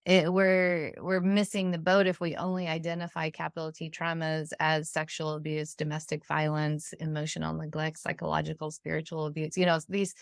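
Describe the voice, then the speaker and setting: A woman's voice: low-pitched, little pitch movement, normal speed, vocal fry, hardly any pauses, clean tone, dry recording. Middle-aged woman podcast host, earnest, lots of "you know", dry close sound. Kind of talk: conversational interview.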